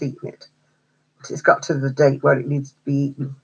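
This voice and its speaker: Husky chatty woman livestreaming. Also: extremely low pitch, completely flat delivery, a little fast, a little mellow, muffled recording. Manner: chatty, laughs often, answers comments. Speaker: craft livestream host. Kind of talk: casual chat with live viewers.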